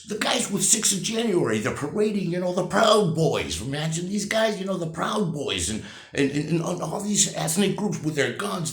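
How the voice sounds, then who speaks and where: A vlogger in his sixties delivers a blunt, profane, exasperated political rant to camera, often restarting sentences. His voice is a little high and bright, very animated and a little fast, in a reverberant space.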